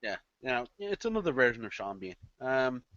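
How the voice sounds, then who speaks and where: A man co-hosting a casual film podcast, halting and repeating his words and laughing easily. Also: mid-range voice, sing-song, a crowd in the background. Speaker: podcast co-host. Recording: dull dry lo-fi podcast mic.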